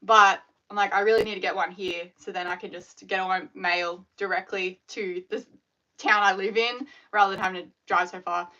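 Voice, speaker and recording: Chatty bright woman, lo-fi. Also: mid-range voice, normal speed. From Australia. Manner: chatty and animated, filler-heavy storytelling. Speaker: scrunchie maker hosting a live stream. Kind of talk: casual live-stream chat.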